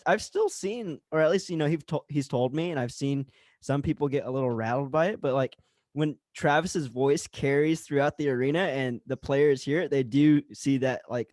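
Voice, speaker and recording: A man's voice: mid-range voice, moderate pace, darkish tone, dry recording. A man chatting casually on a podcast, easygoing with hedging "you know" and "like". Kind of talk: casual chat.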